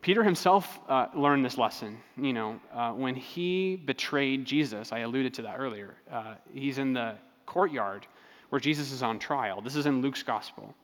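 A man preaching a sermon in a relaxed, conversational way, telling stories with frequent fillers and restarts. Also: medium pitch, moderate pace, big-room sound. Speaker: pastor.

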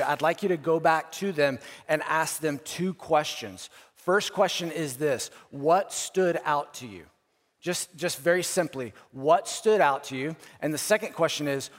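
A man preaching to a church congregation, talking in a loose, lively way and often doubling up words as he goes. His voice sits fairly high for a man. The sound carries a long echo off the walls of a big worship hall. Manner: casual, energetic, with frequent filler and repeated words. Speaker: pastor. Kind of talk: sermon. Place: large church auditorium.

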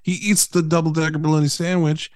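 A man's voice: a little high, level tone, a little fast, darkish tone, clear, resonant tone, no room sound. A man co-hosting a podcast, recapping a film's plot in a sarcastic, casual way with plenty of swearing. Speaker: podcast co-host. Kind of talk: casual movie recap chat.

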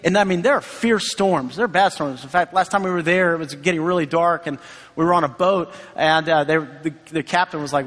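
A man's voice: sits high, brisk, fairly bright tone. A man preaching a sermon in a conversational way, acting out quoted voices along the way. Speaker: pastor. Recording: long hall reverb.

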